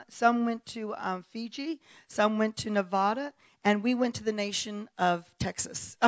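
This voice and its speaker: A woman's voice: on the high side, dry recording, dull audio. A woman from South Africa who grew up partly in Texas, a guest preacher opening her sermon with chatty remarks and laughter. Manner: warm, chatty, laughs often. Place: church pulpit.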